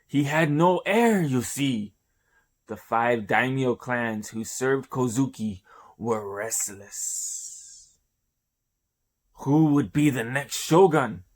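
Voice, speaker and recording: A man hosts a manga review show, rambling casually through a chapter's panels with profanity and loose play-by-play. His voice is medium in pitch, his intonation lively and his pace slow.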